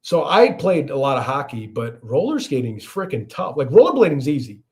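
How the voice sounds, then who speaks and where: A man in his thirties with a Chicago accent, hosting a relaxed livestream. He talks at a middling pitch and answers viewers' comments as they arrive, often restarting his words mid-thought. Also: a little fast. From Chicago area, USA. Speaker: livestream host. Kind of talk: casual livestream chat.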